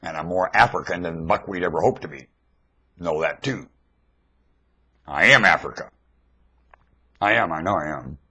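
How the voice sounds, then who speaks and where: A man recorded on a webcam mic at home, rambling in a monologue that swings between loud outbursts and mumbling. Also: low-pitched, normal speed, pauses often, husky, dull audio.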